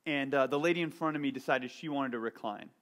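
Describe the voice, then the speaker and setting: A man's voice: medium pitch, quick pace, a bit bright. A man preaching a casual, self-deprecating sermon, telling a story about himself and often checking in with "right?". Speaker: pastor. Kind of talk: conversational sermon.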